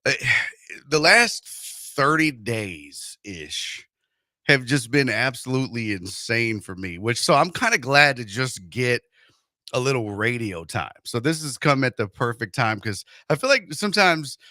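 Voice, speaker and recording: A radio host with a medium-pitched voice speaks at a measured pace in a clean studio recording with no echo. Chatting casually, he tells an animated, joking story and acts out the voices in it.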